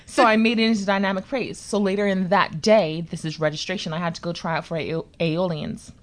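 A woman telling a story in a relaxed chat, lively and playful, acting out the people she talks about. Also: on the low side, brisk. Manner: lively, animated, acts out voices in her story.

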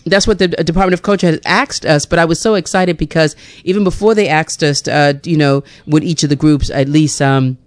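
A woman from Bermuda hosts a radio talk hour, chatting effusively with her listeners. Her voice is smooth and clear, and she breaks into laughter often. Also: low-pitched, steady tone, brisk, few pauses, dry recording. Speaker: radio host. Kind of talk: radio talk show chat.

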